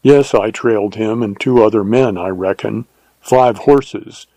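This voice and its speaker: Cool, terse Texas Ranger read by a man, gravelly, up close, audiobook western. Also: lowish voice, measured pace, mellow, no echo.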